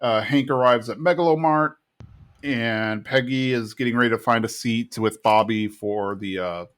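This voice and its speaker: A man's voice: mid-range voice, moderate pace, fairly bright tone. A young man in casual podcast chat, retelling a cartoon episode and acting out the characters' lines. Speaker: podcast co-host recapping episodes.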